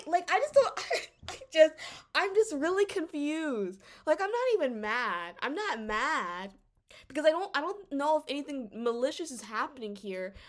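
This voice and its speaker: Her voice sits high as she gives a vlogger's casual take on a drama series. Exasperated and animated, she rambles, frequently stammering and restarting what she's saying.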